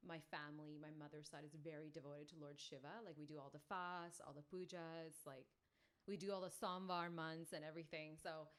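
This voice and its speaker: A woman podcast guest telling a personal story, animated and full of "like" fillers. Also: deep voice, a little fast, clean tone. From family from India.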